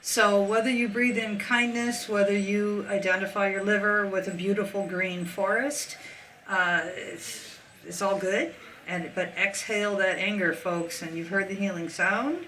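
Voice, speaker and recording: Woman, podcast host, chatty, bright tone, distant mic, faint background noise. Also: medium pitch, steady tone, unhurried. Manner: chatty, laughs easily. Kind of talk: casual interview chat.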